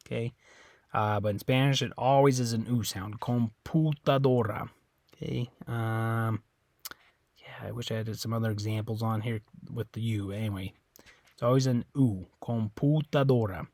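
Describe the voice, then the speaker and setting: A man teaching a Spanish pronunciation lesson, patient and repetitive, often pausing to check understanding and saying words slowly. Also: fairly low pitch, no room sound, clean studio sound. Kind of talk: classroom lesson explanation.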